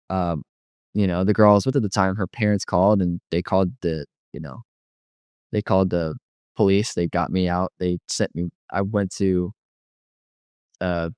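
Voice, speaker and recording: A man's voice: sits low, a little mellow, smooth, dry recording. A man giving a personal testimony as an interview guest, rambling and filling his speech with frequent "you know.". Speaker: guest telling his life story.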